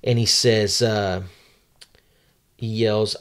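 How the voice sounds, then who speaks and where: A man's voice: on the low side, measured pace. A man co-hosting a podcast, casually recapping a manga chapter and reading character lines aloud with many ums. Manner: reads quotes aloud in a lightly acted voice, many ums and uhs. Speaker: podcast co-host.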